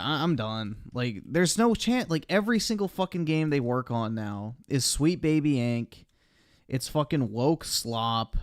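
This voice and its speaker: A male streamer chats casually about what he is watching, blunt and full of profanity. His voice is smooth and clear, picked up dry and close to the mic. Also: mid-range voice, dry recording. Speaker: streamer reacting to videos. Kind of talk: casual chat.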